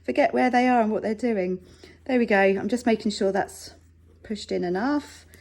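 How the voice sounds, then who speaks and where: This sewing teacher's voice is mid-range and darkish in tone, at a normal speed. Working in her home sewing room, she keeps the tutorial relaxed, chatty and reassuring, with self-deprecating remarks along the way.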